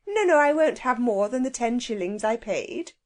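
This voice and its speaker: A woman playing a middle-aged storybook matron, swooping high voice, shrill then syrupy. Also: lively intonation, normal speed, lightly acted. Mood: warm, jolly. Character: sour middle-aged woman turned jolly.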